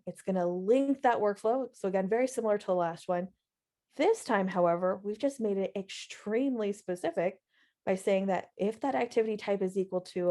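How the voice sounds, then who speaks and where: A woman teaching software on a live webinar, explaining steps in a friendly way and stressing key words. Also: mid-range voice. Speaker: software trainer.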